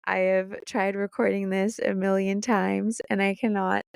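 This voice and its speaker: A young adult woman hosting her own podcast, talking alone in a casual way, excited and emotional, laughing and holding back tears. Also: medium pitch, unhurried, creaky, clear, resonant tone, no room sound, clean studio sound. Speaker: podcast host. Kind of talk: casual solo podcast monologue.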